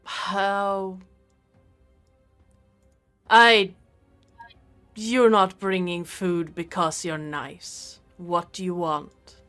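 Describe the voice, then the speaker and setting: Woman doing a gruff blunt minotaur boss, slow and loud, sizing up strangers. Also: fairly low pitch, level tone, soft background music. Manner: blunt, suspicious, drawn-out. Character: gruff male minotaur warband leader, blunt and wary.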